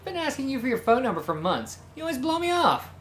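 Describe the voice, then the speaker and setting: Ein Mann spielt einen frechen Flirtvogel. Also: male voice, very high voice, big pitch swings, fast, a bit bright, soft background music, voice pushed up, exaggerated voice. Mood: teasing. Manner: playful, teasing.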